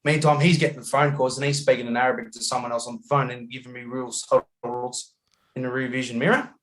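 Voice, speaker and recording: An Australian man telling a travel story as a podcast guest over a video call, animated and laughing often, acting out the people he met. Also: mid-range voice, quick pace. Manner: animated yarn-spinning, acts out voices, laughs often.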